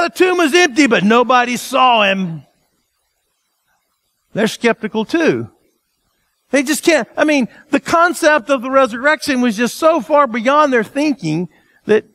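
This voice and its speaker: A male pastor preaching a sermon in an animated, conversational way, asking the congregation rhetorical questions. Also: extremely high pitch, no room sound.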